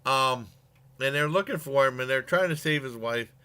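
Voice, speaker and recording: A man's voice: mid-range voice, moderate pace, sharp tone, smooth. A man casually retelling a movie's plot in a review, rambling with many fillers and restarts and chuckling along.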